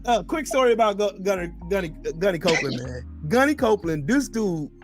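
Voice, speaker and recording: A middle-aged man hosting a podcast, telling military stories in a casual, profane and animated way. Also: brisk, over music. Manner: animated, profane, swings between loud and low. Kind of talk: casual storytelling chat.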